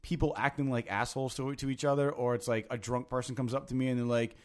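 A man's voice: mid-range voice, flat delivery, fast. A man who works as a DJ chatting casually, laid-back, agreeing and swapping stories, swearing now and then. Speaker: podcast co-host, DJ. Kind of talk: casual chat.

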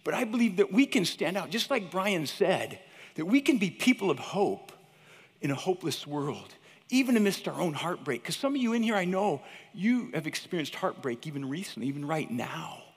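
A man in his fifties, a teacher giving a chapel talk, who tells stories in an animated, chatty way and keeps calling the listeners "you guys". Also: high-pitched, normal speed, breathy edge. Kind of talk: storytelling sermon. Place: large hall with an audience. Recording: long hall reverb.

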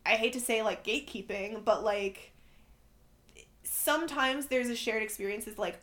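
A woman chatting casually on a podcast, animated and sweary, full of "like" and "right?". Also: a little high, normal speed. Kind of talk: casual conversational chat.

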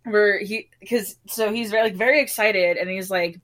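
A young woman co-hosting a casual recap chat, chatty and quick to laugh, acting out characters' lines as she goes. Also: medium pitch, steady tone, a bit bright. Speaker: podcast co-host.

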